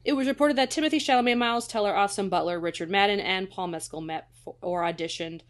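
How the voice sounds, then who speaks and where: A woman co-hosts a relaxed film podcast and reads trivia aloud. She laughs in the middle of sentences and curses casually. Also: mid-range voice, quick pace. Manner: laughs while reading, casual swearing. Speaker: podcast co-host.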